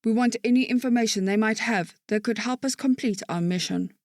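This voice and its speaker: A man's voice: high voice, a little fast, no echo, clean studio sound, pitched above the performer's own voice. A man voicing a stern female lieutenant. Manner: clipped, authoritative. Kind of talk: audiobook narration.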